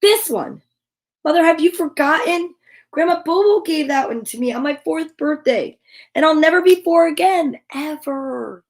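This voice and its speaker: A woman's voice: sits high, expressive, moderate pace, voice pushed up. Woman playing a dramatic little boy. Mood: pleading. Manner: theatrical, pleading. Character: dramatic young boy haggling over toys.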